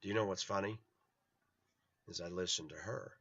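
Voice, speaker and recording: Blunt man rambling through a bright story. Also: deep voice, normal speed, slightly rough, no room sound. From Los Angeles. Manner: rambling, blunt, acts out quoted voices. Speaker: vlogger. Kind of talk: personal storytelling monologue. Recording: dull lo-fi dry sound.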